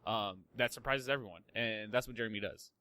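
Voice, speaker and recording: Bright-voiced young man hosting a podcast. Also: lowish voice, fairly quick. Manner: rambling, swears freely, lots of fillers and restarts. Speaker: podcast host. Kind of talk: casual chat.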